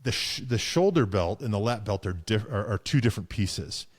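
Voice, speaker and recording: A man's voice: fairly low pitch, animated, normal speed. A man co-hosting a car show, chatting casually with lots of fillers, restarts and chuckles. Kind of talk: casual chat.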